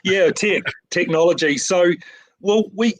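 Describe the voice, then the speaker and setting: A man's voice: high voice, measured pace, low-quality recording. A middle-aged man from New Zealand with a New Zealand accent, a picture framing shop owner talking keenly in a casual interview, full of restarts and repeated words.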